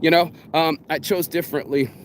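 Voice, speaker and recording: A man's voice: on the high side, steady tone, a little fast. Guy ranting outside, swears a lot, keeps restarting, bit of street noise behind. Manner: profane, rambling, talks in circles with restarts. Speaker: vlogger. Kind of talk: ranting monologue.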